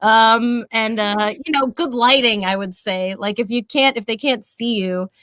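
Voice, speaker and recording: A woman in her twenties, a voice actress talking as a podcast guest, lively and laughing often, slipping into character voices. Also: a little high, measured pace, slight background noise. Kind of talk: casual podcast interview.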